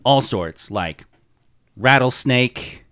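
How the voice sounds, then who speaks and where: A man co-hosting a podcast, talking casually and haltingly with many hesitations. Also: medium pitch, animated, sharp tone. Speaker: podcast co-host. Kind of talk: casual chat.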